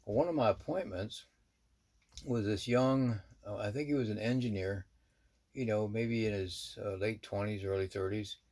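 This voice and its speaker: A middle-aged shaman with a slightly mellow, lowish voice tells a personal story at normal speed. It's casual spoken storytelling, rambling and easygoing, packed with asides.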